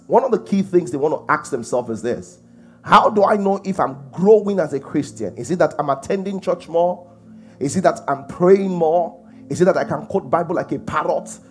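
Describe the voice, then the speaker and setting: A man preaching a sermon, emphatic and full of rhetorical questions. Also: high-pitched. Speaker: pastor.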